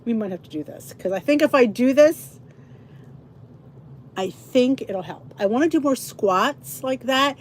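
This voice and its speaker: A woman's voice: on the high side, expressive, measured pace, a little hiss or hum. A middle-aged woman hosting a casual livestream, chatting in a rambling, tired-sounding way to her viewers. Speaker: livestream host. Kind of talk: casual chat to a live audience.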